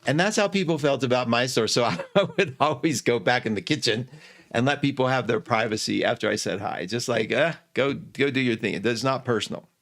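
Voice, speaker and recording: A man's voice: medium pitch, a little fast, a bit bright. A man hosting a casual astrology live stream, effusive, greeting viewers by name and laughing often.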